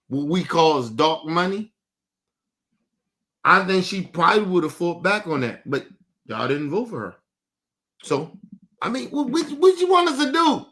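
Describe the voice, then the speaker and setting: High-voiced man ranting bluntly. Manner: blunt, profane, animated ranting. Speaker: streamer host. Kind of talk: casual live-stream commentary.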